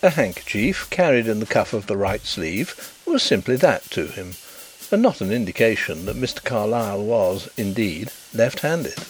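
A man narrating an audiobook in a steady, even storytelling manner. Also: fairly low pitch, moderate pace, faint music behind, rough recording. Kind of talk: scripted narration.

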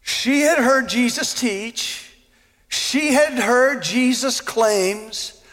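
Male preacher, very high voice, earnest sermon, emphatic repeats, long hall reverb. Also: very slow, fairly bright tone. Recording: long echo of a large hall.

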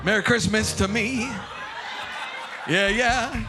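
A man preaching a sermon as bishop at a church service, shouting and singing phrases, calling for responses from the congregation and joking between points. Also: high-pitched, slow. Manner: playful joking asides. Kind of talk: sermon with sung refrains. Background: music playing.

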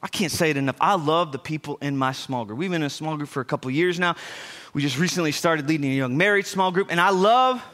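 A young man preaching a sermon in a conversational, animated way, full of asides to the congregation. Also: fairly high pitch, quick pace. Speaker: pastor.

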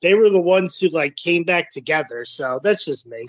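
A man's voice: on the high side, animated, normal speed. A man chatting on a podcast panel, laid-back and leaning on fillers like "like" and "you know". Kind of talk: casual chat. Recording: dry, dull lo-fi audio.

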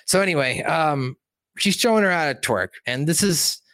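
A man's voice: fairly high pitch, lively intonation, moderate pace, fairly bright tone, dry recording. A young man reviewing a movie on a casual livestream, rambling and swearing, with many fillers.

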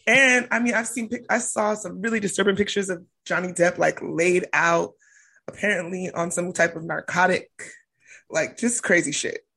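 A woman in easy conversation with friends, speaking bluntly and swearing freely. Her voice is raspy and breathy, with a gravelly fry at the ends of phrases. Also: fairly low pitch, fairly even intonation, a bit bright. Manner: frank, profane, drawn-out emphasis. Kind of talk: casual chat.

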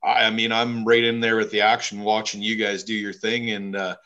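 Podcast co-host guy, folksy and rambling, bright forward tone. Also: fairly low pitch, flat delivery, brisk, dull audio. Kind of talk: casual podcast interview.

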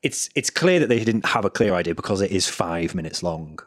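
A man co-hosting a podcast, giving blunt, halting critique in casual chat. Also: low voice, animated, no echo, clean studio sound. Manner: blunt, hesitant restarts, sweary critique. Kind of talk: casual conversational commentary.

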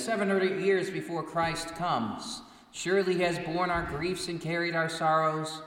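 A pastor preaching a sermon with earnest emphasis, building to pointed questions. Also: male voice, a little high, fairly bright tone. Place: church sanctuary. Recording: echoey hall, mic set far off.

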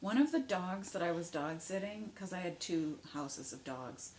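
A woman's voice: fairly low pitch, normal speed, slight background noise. A woman co-hosting a podcast in casual chat, telling stories with lots of giggles. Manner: giggly storyteller, animated delivery. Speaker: podcast co-host.

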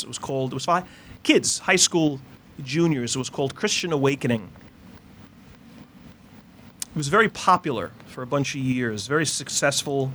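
A man's voice: a little high, bright, forceful tone. A Catholic priest in his fifties giving a sermon in a casual, conversational storytelling way, full of fillers and asides. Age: 50s.

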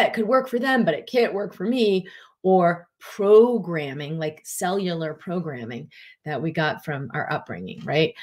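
A woman coaching viewers in a casual teaching talk, acting out inner thoughts in quoted asides that jump up in pitch. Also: animated, a little slow. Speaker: spiritual coach answering viewer questions.

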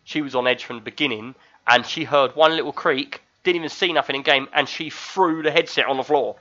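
A man's voice: medium pitch, a little fast, dull audio. A man in his thirties chatting casually, telling stories animatedly and acting out the screams. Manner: animated storyteller, acts out screams. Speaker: show regular. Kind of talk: casual chat.

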